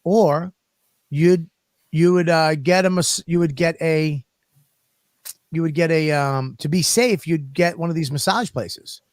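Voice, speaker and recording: A man's voice: a little high, unhurried, no echo, clean studio sound. A man co-hosting a podcast, telling crude stories in a rambling, profane way. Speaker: podcast co-host. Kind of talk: casual comedic chat.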